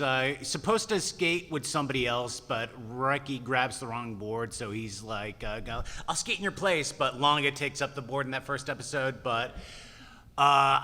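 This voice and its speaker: A man's voice: medium pitch, sharp tone. A man speaking as a voice actor guest at a convention panel, rambling casually with laughing asides. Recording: reverberant hall.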